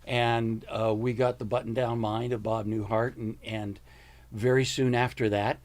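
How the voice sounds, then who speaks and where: An older American man, a comedian guest, spins anecdotes in an easygoing interview. He is animated and often drops into quick impressions of the people he describes, with his voice sitting at an ordinary middle pitch for a man. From United States. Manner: animated storyteller who slips into impressions. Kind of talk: casual interview storytelling.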